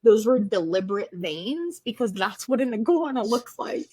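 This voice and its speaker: A woman's voice: fairly high pitch, very animated, moderate pace, a little mellow, slightly rough, no echo. A woman guest in a casual interview, chatty and storytelling, with lots of "like". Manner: chatty storytelling, heavy use of "like". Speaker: baking competition contestant, guest.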